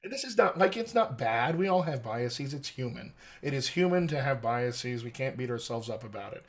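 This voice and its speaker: A man's voice: mid-range voice, expressive, normal speed. An American man, an accent coach, explaining his teaching method methodically in an interview. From United States. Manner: articulate, methodical, lecturing.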